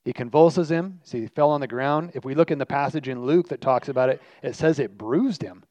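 A man's voice: medium pitch, a little fast, a little mellow, dry recording. A man preaching a sermon as pastor, earnest and emphatic, repeating his key lines for weight. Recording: dry, slightly muffled recording.

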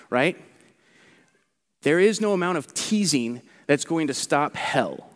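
A man preaching a sermon as pastor, animated and conversational, acting out what mockers say. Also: fairly high pitch, unhurried, in a large hall. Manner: animated, acts out mockers' quotes.

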